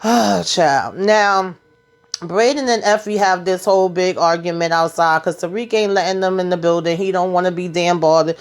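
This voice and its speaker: A woman's voice: on the low side, moderate pace. Chatty woman recapping a TV episode. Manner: chatty, slangy storytelling that acts out the characters' lines. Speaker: TV recap channel host.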